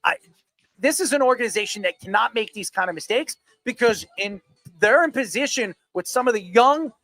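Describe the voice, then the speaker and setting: A man co-hosting a sports talk show, giving emphatic, animated takes. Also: very high-pitched, fairly quick, no echo. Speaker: co-host.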